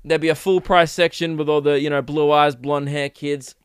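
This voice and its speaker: A man's voice: a little high, flat delivery, normal speed, clear, resonant tone, no room sound, studio quality. A young man hosting a comedy podcast, riffing crudely and acting out silly bits. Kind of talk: rambling comic monologue.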